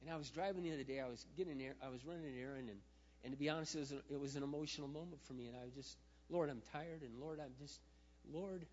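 A man preaching a sermon as a pastor, swinging between hushed, tender passages and loud, impassioned outbursts. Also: mid-range voice, rapid-fire. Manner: emotional, swings from hushed to shouting. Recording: muffled, with a long hall echo.

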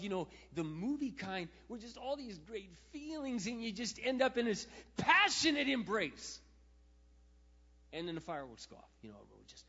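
A man preaching a sermon as a pastor, swinging between hushed, tender passages and loud, impassioned outbursts. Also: sits high, very animated, normal speed, slightly rough. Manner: emotional, swings from hushed to shouting. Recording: muffled, with a long hall echo.

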